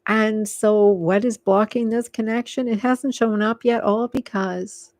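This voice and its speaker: Slow, soothing woman tarot reader. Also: mid-range voice, fairly even intonation, a little mellow, no echo. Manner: rambling and filler-heavy, coaxing and soothing. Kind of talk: live tarot reading, casual and unscripted.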